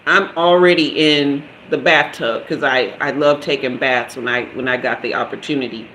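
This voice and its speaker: A woman in her fifties telling a lively personal story to her live-stream viewers, laughing often and talking straight to them. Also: a bass voice, moderate pace. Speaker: host of a live tarot stream. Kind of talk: casual storytelling to a live chat. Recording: echoey room with faint background hiss.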